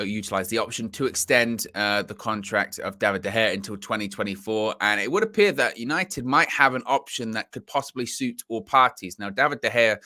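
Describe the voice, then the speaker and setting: Bright, crisp-sounding male co-host. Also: lowish voice, no room sound, studio quality. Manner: measured, explanatory, laughs easily. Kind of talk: casual football podcast chat.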